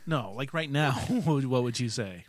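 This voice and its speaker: A man's voice: medium pitch, animated, moderate pace, no echo, clean studio sound. A man co-hosting a casual podcast, joking, teasing and laughing often. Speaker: podcast co-host.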